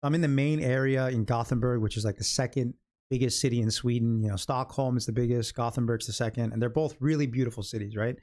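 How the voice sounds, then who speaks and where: A man's voice: mid-range voice, steady tone, fast, a little mellow. A middle-aged man from California with an American accent, hosting a day-trading livestream in a loose, chatty way and joking around as he talks through his charts. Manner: chatty, jokey storyteller, laughs at own stories. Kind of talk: casual livestream chat.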